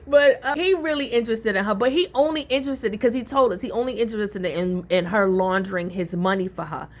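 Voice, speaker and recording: A woman hosting a casual soap opera recap, talking in an animated, colloquial way with gossipy asides. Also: mid-range voice, fairly quick.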